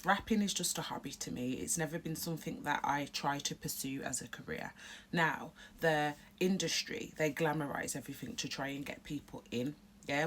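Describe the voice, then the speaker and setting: A woman's voice: low voice, a little hiss or hum. A woman vlogging to camera, telling her own story in a candid, emphatic way. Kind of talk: casual talk to camera.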